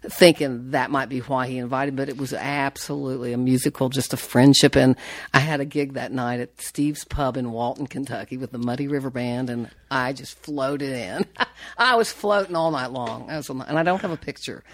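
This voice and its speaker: Interview guest: low-pitched woman, chatty and animated, dry close sound. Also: moderate pace, no room sound. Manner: animated, laughing, rambling with restarts. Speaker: banjo player, interview guest. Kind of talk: casual storytelling.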